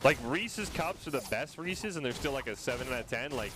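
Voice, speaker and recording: A man casting an online game tournament, bantering and chatting in an animated, opinionated way. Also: mid-range voice, a little fast. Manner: animated, opinionated, laughs often. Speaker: esports caster. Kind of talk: casual game commentary and banter. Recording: noisy background ambience.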